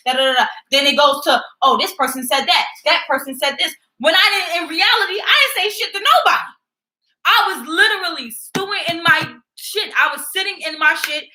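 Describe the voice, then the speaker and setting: Bright, high-voiced woman, blunt and animated. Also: roomy sound, rough recording. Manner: blunt, swearing, animated storytelling that acts out other people's lines. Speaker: vlogger. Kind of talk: casual chat. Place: home.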